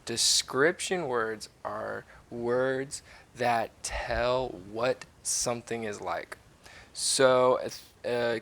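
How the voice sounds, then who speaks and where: Slow, gravelly-voiced male teacher. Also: medium pitch. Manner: patient, explanatory, lively intonation. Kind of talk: reading a storybook aloud as a lesson.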